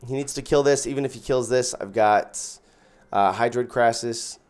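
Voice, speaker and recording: A man's voice: mid-range voice, moderate pace, a little mellow. A man giving casual gameplay commentary as host, thinking aloud and counting out his mana as he plays. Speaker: gaming channel host.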